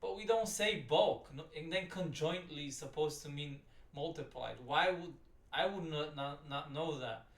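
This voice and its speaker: A man's voice: on the high side, moderate pace, creaky. A man giving profane, exasperated, rambling commentary while reacting to a video. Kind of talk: ranting commentary. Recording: roomy sound, distant from the mic.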